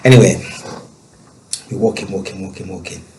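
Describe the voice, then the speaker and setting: A man telling a personal story as a guest, emotional and halting, with many restarts. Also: sits low, noisy background.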